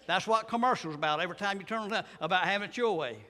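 A man's voice: high voice, very fast, pushed and bright, long reverb tail. An older man preaching a sermon, telling folksy stories and rising to emphatic bursts.

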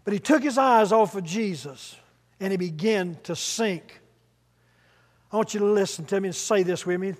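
High-voiced preacher in a reverberant hall. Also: male voice, normal speed. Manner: emphatic, has congregation repeat phrases. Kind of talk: sermon.

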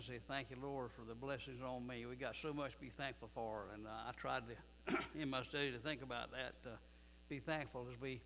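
A man's voice: medium pitch, bright, forceful tone. A man, a pastor preaching a sermon in a church, folksy in manner and building to emphatic preaching. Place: church sanctuary. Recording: distant reverberant room with mains hum.

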